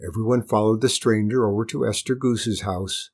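A man reading a children's storybook aloud with expressive, lilting narration. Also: on the low side, moderate pace.

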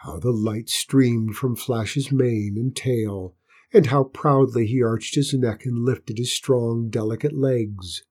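A man reads a children's story aloud at a slow, gentle, unhurried pace. His voice is mellow and warm, with a husky grain. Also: medium pitch. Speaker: narrator. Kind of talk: storybook reading.

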